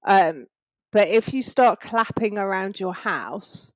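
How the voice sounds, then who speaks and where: A woman who practices space clearing joins an interview as a guest over video call from her home in Spain. She explains things earnestly with small laughs, speaking slowly in a mid-range voice with lively intonation, and there's no echo.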